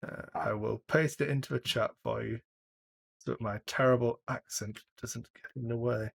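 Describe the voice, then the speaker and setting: A man narrating as game master of a tabletop game, halting often with ums as he describes scenes. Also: medium pitch, steady tone, vocal fry.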